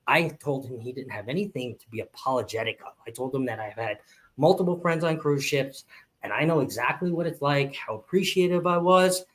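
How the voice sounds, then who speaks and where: Animated male cruise storyteller. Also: a little fast. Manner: animated storyteller, acts out quotes in a high voice. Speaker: podcast co-host. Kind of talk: casual chat, storytelling.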